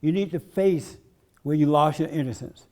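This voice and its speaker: A man's voice: a little high, normal speed, darkish tone. A man giving a blunt, emphatic preaching-style talk at a conference, laughing along with his audience. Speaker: conference speaker.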